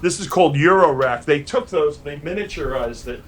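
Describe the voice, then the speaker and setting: An older man from New York, a musician guest in a home studio full of gear, telling animated, rambling stories with many restarts over a video call. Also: on the high side, brisk, slight background noise.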